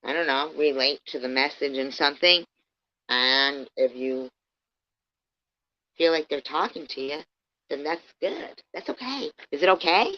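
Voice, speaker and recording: A woman with a low voice rants angrily on a livestream, her delivery swinging widely between muttering and shouting. She swears constantly and talks heatedly to someone she despises. The stream audio is dull and lo-fi. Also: animated, unhurried, long pauses. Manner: profane, heated, swings from muttering to loud outbursts. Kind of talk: angry ranting livestream commentary.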